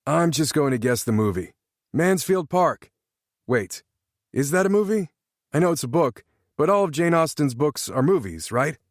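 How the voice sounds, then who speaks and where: A man voicing an excitable, goofy teenage boy who yells out guesses in a high voice. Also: moderate pace, no room sound, clean studio sound. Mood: excited. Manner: yelling, excitable, high-pitched.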